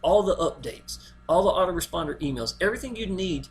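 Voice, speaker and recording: A man's voice: high-pitched, lively intonation, fast talker, faint music behind. A man, promoting a network marketing plan in a folksy, rambling way and talking straight to the viewer. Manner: folksy, rambling, keeps saying "y'all". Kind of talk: casual video pitch.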